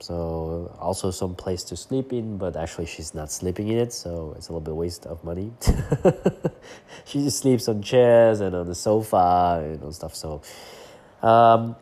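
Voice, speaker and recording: A man with a very low, mellow voice hosts his own podcast, sounding nasal and stuffed up from hay fever. He talks in an easygoing, unscripted way, often stopping with "uh" and "um" as he hunts for the right words. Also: unhurried. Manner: relaxed, searching for words with frequent fillers. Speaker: podcast host and coach. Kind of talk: casual solo podcast monologue.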